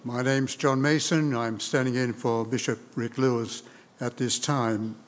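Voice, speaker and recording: A man preaching a sermon, speaking in a measured, deliberate way and reading scripture aloud. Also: mid-range voice, steady tone, slight background noise. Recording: long reverb of a large hall.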